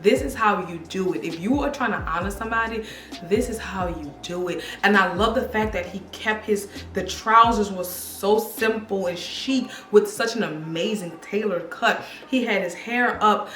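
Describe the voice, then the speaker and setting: A young woman giving a casual, excited fashion review, chatty and talking straight to her viewers. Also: mid-range voice. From Louisiana, USA. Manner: chatty, excited, addresses viewers as y'all and girl. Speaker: fashion vlogger. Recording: echoey room with faint music.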